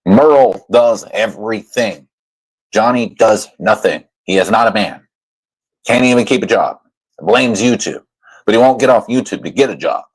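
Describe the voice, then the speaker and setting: A man's voice: fairly low pitch, normal speed, breathy edge, rough recording. A man ranting over clips as a commentary YouTuber, profane and mocking. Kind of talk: reaction commentary rant.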